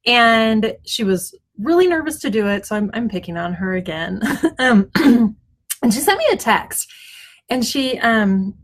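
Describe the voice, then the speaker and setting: Speaking unhurriedly in an expressive, fairly high voice, a middle-aged woman who's a web designer records her weekly self-help mindset video at home, with noise from the front yard outside. She's warm, encouraging, and chatty, full of ums and restarts, and checks her notes frequently.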